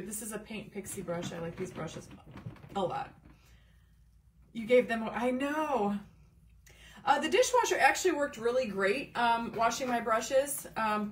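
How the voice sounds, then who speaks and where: A woman's voice: medium pitch, far from the mic. A middle-aged woman chats through a crafting livestream, greeting viewers by name and wandering into asides. Her voice sits a little off the mic with faint room noise behind it. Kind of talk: casual live crafting chat.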